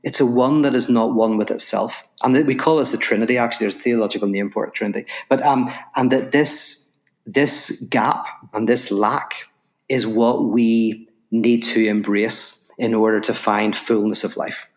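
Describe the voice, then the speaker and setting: A man's voice: medium pitch, moderate pace. A man telling a parable and then explaining abstract ideas as a podcast guest, acting out the voices in his story and restarting phrases as he builds each point. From Northern Ireland. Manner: lively storyteller, acts out voices in anecdotes.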